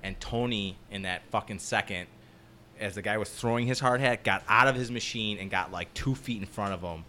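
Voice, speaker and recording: Deep-voiced, cursing foreman telling stories. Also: moderate pace, a little hiss or hum. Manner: profane, rambling, animated storyteller. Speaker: construction site foreman. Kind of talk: casual storytelling chat.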